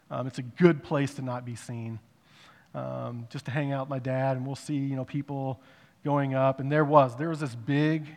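A man giving a personal testimony in a conversational way, rising to emphatic bursts and dropping to hushed reflection. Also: medium pitch. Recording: long reverb of a large hall.

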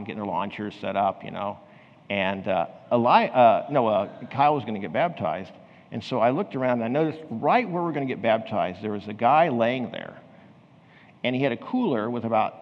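A man preaching a sermon in a church, telling a story conversationally and then pressing his point with earnest emphasis. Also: lowish voice. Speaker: pastor. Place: church sanctuary. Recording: dull sound with long hall reverb.

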